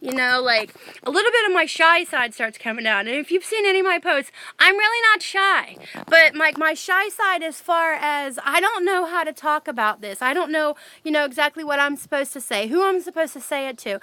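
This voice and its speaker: Excited high-voiced woman telling a story. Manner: excited, animated, rambling with many fillers. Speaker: vlogger. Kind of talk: casual storytelling to camera. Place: outdoors near her house.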